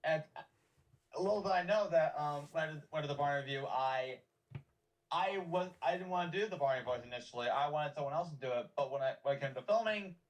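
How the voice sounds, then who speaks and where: A man who is a podcast guest, speaking in a halting way and repeating words in a casual interview. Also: fairly high pitch, rough recording.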